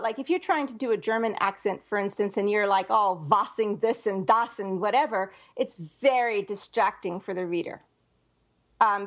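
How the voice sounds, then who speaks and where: A woman with a fairly high voice co-hosts a casual podcast about writing. She talks in a chatty, loose way, circling back with fillers and restarts as she works out her points. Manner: chatty, thinks aloud with many fillers and restarts. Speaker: podcast co-host, writer.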